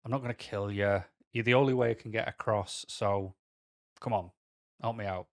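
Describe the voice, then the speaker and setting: A man's voice: on the low side, steady tone, moderate pace, natural voice. A man with a Mancunian accent voicing a sly male scorpion in a retold fable, in a casual, matter-of-fact way. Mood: coaxing.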